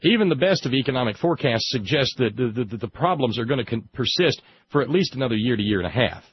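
A man hosting a political talk show, sarcastic and emphatic, slowing down to stress his points. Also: medium pitch, animated, husky, highs cut off. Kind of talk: opinionated political commentary.

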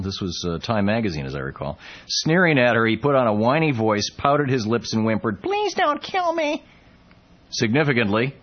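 A man's voice: lowish voice, lo-fi sound. A man hosting a call-in political talk radio show, talking conversationally with frequent restarts and fillers.

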